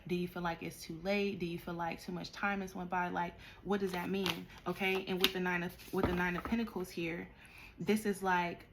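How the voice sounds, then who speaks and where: A woman doing a tarot card reading, talking straight to the listener in a direct, animated way and scolding them at times. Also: lowish voice, normal speed, background noise. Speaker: tarot reader.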